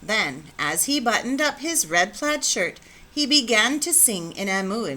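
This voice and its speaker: A woman teacher reading a picture book aloud with expressive, animated storytelling. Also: a little high, a little slow, a little hiss or hum.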